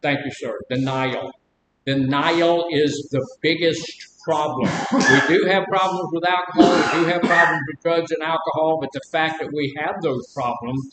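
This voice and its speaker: A man leading a recovery group as counselor, talking casually, asking the group questions and telling personal stories with humor. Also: fairly bright tone. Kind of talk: informal group talk on recovery. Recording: echoey room with faint rumble.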